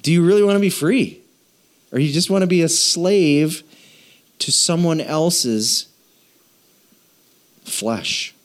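A man, a pastor, preaching a sermon in a playful way, acting out little dialogues in quick voices. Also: fairly high pitch.

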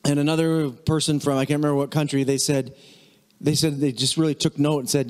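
Pastor, male, casual chatty sermon, fairly high voice, big church hall reverb. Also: fairly quick. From United States. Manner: chatty, animated, mimics voices in high-pitched bursts.

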